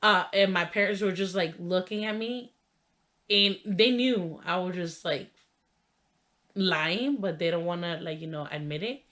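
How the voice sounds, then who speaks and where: A woman's voice: fairly low pitch, a little slow, fairly bright tone. Chatty young woman telling a story. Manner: chatty, heavy use of "like" and "you know" fillers; laughs while telling the story. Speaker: vlogger. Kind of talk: casual storytelling.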